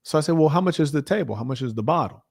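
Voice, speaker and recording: An American livestream host rants through a casual story, full of mockery and acted-out exchanges. He talks at a racing pace in a fairly high, gravelly voice, recorded clean in the studio with no room sound.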